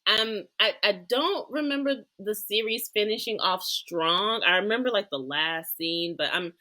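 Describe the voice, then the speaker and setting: Bright mid-pitched woman from Georgia co-hosting a chatty podcast. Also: a little slow, poor audio. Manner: storytelling, quoting characters in voices. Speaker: podcast co-host. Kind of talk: casual chat.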